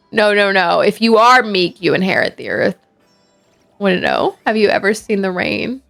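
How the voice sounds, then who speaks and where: A woman's voice: medium pitch, expressive, measured pace, gravelly, pauses often, a bit bright. A woman streamer, chatting playfully with her viewers, teasing and laughing a lot. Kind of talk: casual live-stream chat while gaming. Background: faint game music.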